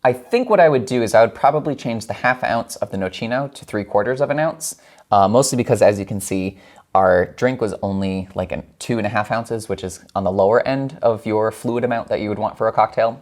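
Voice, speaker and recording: A man's voice: lowish voice, fairly quick, darkish tone. A man hosting a home cocktail show, chatting playfully as he mixes and tastes drinks and laughing often. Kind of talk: casual cocktail demo.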